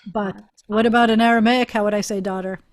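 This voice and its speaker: A woman's voice: medium pitch, fairly even intonation, brisk. A woman rabbi teaching a Hebrew class over a video call, chatty and encouraging, often laughing with her students.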